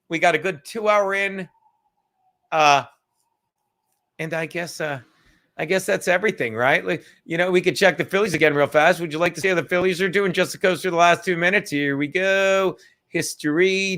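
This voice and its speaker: A man's voice: high voice, moderate pace, fairly bright tone. A tired man hosting a casual live stream from home, rambling and swearing, with joking asides to the chat. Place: home room.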